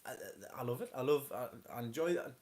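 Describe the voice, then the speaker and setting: A man's voice: mid-range voice, lively intonation, quick pace, darkish tone. A man hosting a casual live chat from home, rambling with many stammered restarts. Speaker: host of a live stream.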